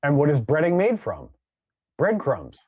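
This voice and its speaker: A man's voice: on the high side, wildly swooping pitch, measured pace, a little mellow, breathy edge, no echo, highs cut off. A man co-hosting a podcast, teasing his partner in a wry manner. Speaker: podcast co-host. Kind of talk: casual podcast banter.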